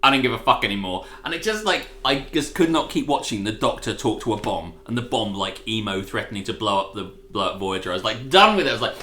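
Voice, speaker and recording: Animated, sweary man ranting in a roomy space. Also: lowish voice, quick pace, hardly any pauses, a little hiss or hum. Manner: animated, sweary, ranty storytelling. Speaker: co-host. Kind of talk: casual ranting chat on a live stream.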